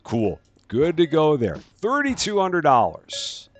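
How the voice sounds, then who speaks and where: A man's voice: fairly high pitch, wildly swooping pitch, slow pace, soft background music. A man hosting a let's-play, chatting casually and narrating each task aloud, often correcting himself. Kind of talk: casual gameplay commentary.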